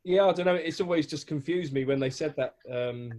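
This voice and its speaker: Slightly high, musing man. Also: brisk, a little mellow. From near Southend, Essex. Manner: uncertain, musing. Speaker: workshop participant asking a question.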